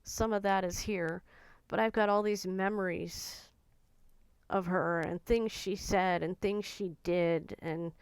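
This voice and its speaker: A woman vlogger talking in an earnest, gentle and confiding way about her own feelings. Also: medium pitch, clean tone, no echo. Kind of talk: personal reflective talk to camera.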